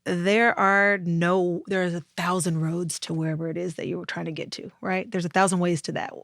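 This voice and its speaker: A woman in her thirties chatting as a guest on an interview podcast, telling stories with lively acted-out voices. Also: on the low side, fairly quick, creaky, no echo, clean studio sound. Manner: lively storyteller, acts out voices and laughs often. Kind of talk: casual interview chat.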